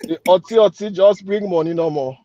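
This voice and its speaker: Persuasive and upbeat, a male radio interview guest with a Sierra Leonean Krio accent promotes his event and repeats his calls to act. His voice is high and dark in tone, his pace brisk, and the recording dry and muffled.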